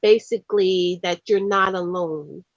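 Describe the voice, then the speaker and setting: A woman co-hosting a casual radio chat about music, talking in an unhurried way. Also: fairly low pitch, no echo, highs cut off. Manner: unhurried, brief agreeing replies. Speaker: co-host.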